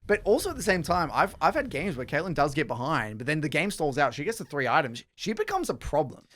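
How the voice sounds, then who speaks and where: A man co-hosting a casual gaming podcast, speaking very fast. His voice sits a little high for a man, and he keeps tripping over his words as he makes his point. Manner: rapid, excitable, restarts and repeated words. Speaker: podcast co-host.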